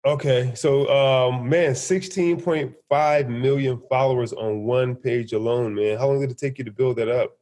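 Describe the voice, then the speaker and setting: A man's voice: medium pitch, steady tone, moderate pace, hardly any pauses, a little mellow. Informal man asking direct questions. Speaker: payment services representative. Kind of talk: casual business call.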